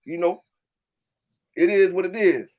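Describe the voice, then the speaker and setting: Loud high-voiced Southern man ranting. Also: measured pace, dull audio. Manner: loud, fired-up, profane, keeps repeating filler tags. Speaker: dog kennel owner and channel host. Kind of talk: livestream rant answering chat.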